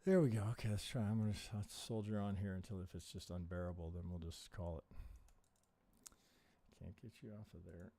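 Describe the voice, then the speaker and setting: A man's voice: low-pitched, brisk, creaky, mellow. A man hosting a live stream chart review, thinking aloud with rhetorical questions and swearing under his breath in frustration. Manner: frustrated, swearing, muttering to himself. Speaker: trading analyst and live stream host.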